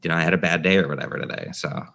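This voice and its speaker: A man's voice: deep voice, steady tone, rapid-fire, creaky, a bit bright. A man hosting a podcast in casual chat, thinking aloud and jumping between points. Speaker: podcast host.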